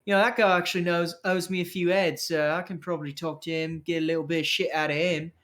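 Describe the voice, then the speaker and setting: A man's voice: fairly high pitch, little pitch movement, fast talker, a bit bright, lightly acted. A man voicing a brash, crude male gangster with metal teeth who swears and wheedles.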